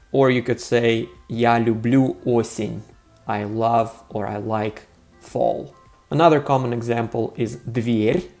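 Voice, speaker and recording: A man's voice: medium pitch, gravelly, darkish tone. A man teaching a grammar lesson to viewers, chatty and full of "right?" and "uh" fillers. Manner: friendly, frequent "right?" and "uh" fillers. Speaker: Russian language teacher.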